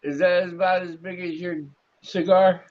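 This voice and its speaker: Regular-voiced guy chiming in on a video call, short low-key comments, dull muffled audio. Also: level tone, normal speed. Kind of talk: casual chat on a video call.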